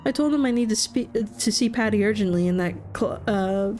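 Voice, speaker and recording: A woman's voice: medium pitch, moderate pace, dark tone, natural voice. A woman voicing a polite, nervous male university professor who stumbles over his words. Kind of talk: game voice acting.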